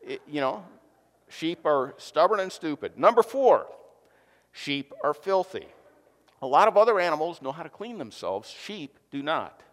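A man's voice: fairly high pitch, measured pace. A man preaching with a slightly raised voice, mixing jokes and earnest warnings as he talks to his congregation. His words ring out with a long hall reverb, as in a church sanctuary. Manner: joking, lively preaching with audience asides. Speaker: pastor. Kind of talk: sermon.

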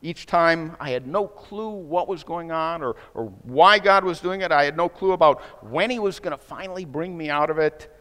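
A man preaching with a fairly high voice that lifts when he acts out the people in his story. His words ring out in a large hall with a long echo behind them. He is a pastor delivering a sermon. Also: moderate pace. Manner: storytelling preacher, voices quoted speakers with rising excitement.

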